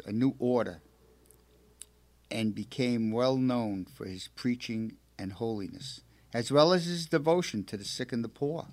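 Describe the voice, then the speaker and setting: Male radio host, affectionate and halting, mid-pitched voice, dry room, reads aloud. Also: no echo. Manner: halting, repeats words, affectionate. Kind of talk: radio talk show, reading a saint's life aloud.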